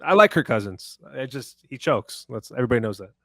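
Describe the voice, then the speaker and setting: Male co-host, quick delivery, chatty, dry close mic. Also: mid-range voice, expressive, dry recording. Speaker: podcast co-host. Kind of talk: casual sports chat.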